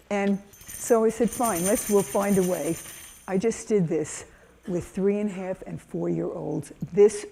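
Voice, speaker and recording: Animated older woman, mellow voice. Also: mid-range voice, gravelly, slight background noise. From United States. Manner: animated storytelling, acts out kids' voices. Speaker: keynote speaker. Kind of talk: lively conference talk.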